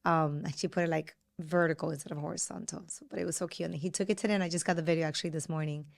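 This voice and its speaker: A woman's voice: low-pitched, fairly even intonation, racing, gravelly. A woman in her thirties co-hosting a casual podcast, chatting and acting out family quotes. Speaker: podcast co-host. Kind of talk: casual chat.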